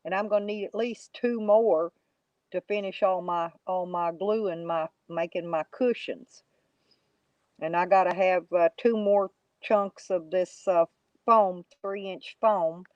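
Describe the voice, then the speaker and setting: A woman's voice: fairly low pitch, steady tone, measured pace, no echo, lo-fi sound. A woman, chatting casually to live viewers in a rambling, folksy, mocking way. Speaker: YouTube live streamer.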